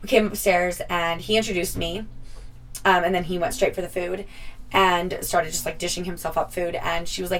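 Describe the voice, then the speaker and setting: A woman's voice: lowish voice, level tone, normal speed, fairly bright tone, distant mic, a little hiss or hum, low-quality recording. A young woman telling a casual storytime vlog, chatty, swearing freely and laughing often. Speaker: vlogger.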